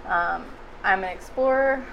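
Casting: a woman with a gravelly edge introducing her character, slow and hesitant. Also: medium pitch, dull audio, slight background noise. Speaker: player.

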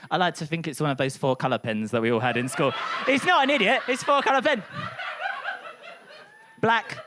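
A woman comedian doing a punchy, animated stand-up set on a club stage. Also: low-pitched, moderate pace, long pauses, noisy background. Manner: animated, punchy, laughing through lines.

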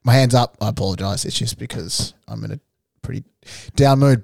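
A young man with a gravelly voice, recorded dry and close in a studio. He talks in a laid-back way and teases his co-host drily. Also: lowish voice, steady tone, brisk, a little mellow, no echo. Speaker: podcast co-host. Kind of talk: casual chat.

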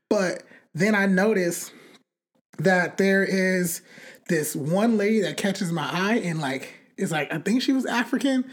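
A young woman in casual chat, telling a long story in a rambling, animated way, full of fillers and cussing. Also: fairly low pitch.

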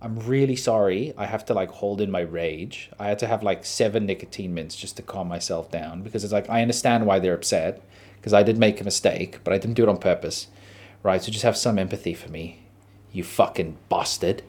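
An Australian man hosting a podcast, telling a story in a casual, animated, profane way. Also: deep voice, brisk, breathy edge. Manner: animated, profane, dramatic retelling. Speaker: podcast host.

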